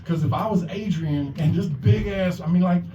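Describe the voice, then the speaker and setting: A high-voiced man speaking at normal speed hosts an open mic in a bar or club, delivering a wandering, profanity-laden set and playing the voices of those he quotes. Background noise sits under the distant, echoey, lo-fi recording.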